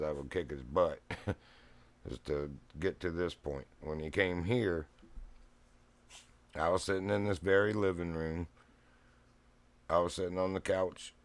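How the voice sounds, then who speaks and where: A middle-aged man telling a rambling, folksy story at home, often laughing. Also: low voice. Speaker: streamer. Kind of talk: casual storytelling chat. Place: home living room. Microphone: streaming mic.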